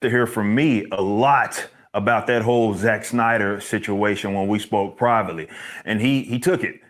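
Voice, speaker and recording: Measured low-voiced man apologizing. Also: fairly bright tone. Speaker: business owner addressing his audience. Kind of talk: apology video monologue.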